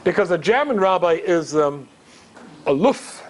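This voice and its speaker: A man's voice: high-pitched, expressive, normal speed, slight background noise. A middle-aged man from Scotland, a rabbi giving a humorous storytelling talk, chatty and self-mocking, asking the audience questions. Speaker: rabbi, guest speaker.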